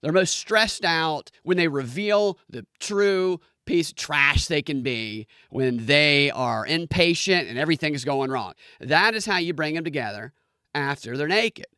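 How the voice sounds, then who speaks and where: A man rants through a comedic review with lively swings in pitch, slightly high for his sex. He swears freely and keeps mimicking the people he describes. The recording is close and dry. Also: unhurried, smooth, no room sound. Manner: profane, animated, mimics people in squeaky voices. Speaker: show reviewer.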